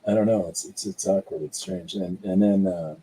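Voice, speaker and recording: A man with a deep voice and a scratch in it, co-hosting a casual chat while drawing. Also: steady tone, normal speed, mellow, a little hiss or hum, rough recording. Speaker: podcast co-host.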